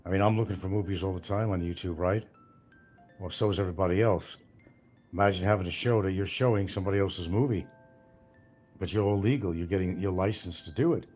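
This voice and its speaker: A retired older man talks at a quick pace on his livestream, his low voice a little mellow over soft background music. He jumps casually between topics and swears freely.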